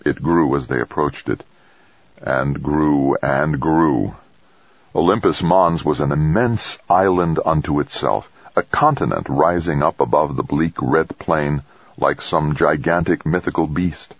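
Very deep, husky male narrator. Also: no echo, highs cut off. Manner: measured, even storytelling. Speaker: audiobook narrator. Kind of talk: scripted narration.

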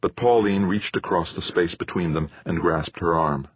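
A man narrating a story in scripted, expressive audiobook style. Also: sits low, normal speed, slightly rough, no room sound, muffled recording.

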